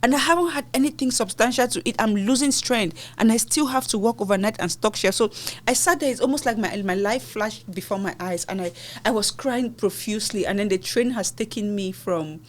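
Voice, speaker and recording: A woman's voice: medium pitch, brisk. A woman from Cameroon, a podcast guest, earnestly and expressively recounting personal hardships in conversation.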